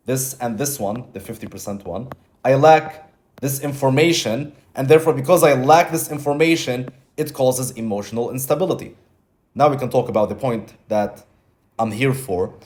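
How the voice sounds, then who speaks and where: A man's voice: mid-range voice, a little mellow. A man teaching trading in a casual monologue, blunt and repetitive, swearing now and then. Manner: acts out his own inner voice in quotes. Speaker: trading mentor.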